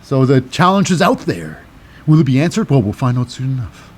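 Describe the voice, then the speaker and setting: A man's voice: mid-range voice, very animated, a little fast, slightly rough. Cynical male wrestling podcast host. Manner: cynical and wry, with many fillers. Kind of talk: casual wrestling recap.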